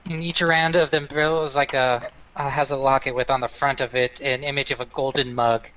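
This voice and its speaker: Male game master, bright tone, halting narration, lo-fi. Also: medium pitch, flat delivery. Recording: dull lo-fi recording.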